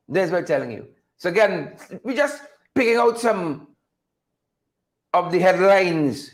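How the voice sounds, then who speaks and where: A Guyanese man hosts a political commentary show. His voice sits high and he takes his time, repeating words and firing rhetorical questions at his viewers. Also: animated, measured pace. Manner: emphatic, repetitive, rhetorical questions; reads out viewer names. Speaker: host.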